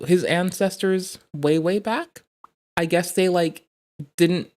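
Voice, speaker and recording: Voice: medium pitch, a little mellow. A streamer chatting casually on a live stream, rambling and swearing through comic stories. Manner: rambling, profane, comic storytelling. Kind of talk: casual chat.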